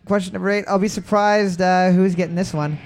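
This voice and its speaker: A man hosting a trivia music round, calling out answers loudly and joking between questions. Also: high voice, fairly even intonation, brisk. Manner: loud repeated calls of "boards up", joking asides. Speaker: trivia host. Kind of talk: casual podcast banter, running a music round.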